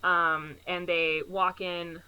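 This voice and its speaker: A woman's voice: lowish voice, flat delivery, slow pace, bright, forceful tone, smooth, low-quality recording. A woman co-hosting a podcast, casually recapping a movie plot and filling her sentences with "like". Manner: rambling, heavy use of "like" fillers. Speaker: podcast co-host.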